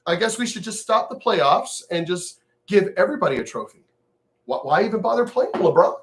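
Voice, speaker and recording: A man's voice: high-pitched, very animated, fairly quick. An older, retired man who vlogs, ranting to camera in a profane, sneering, mocking way. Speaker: vlogger. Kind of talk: angry direct-to-camera rant.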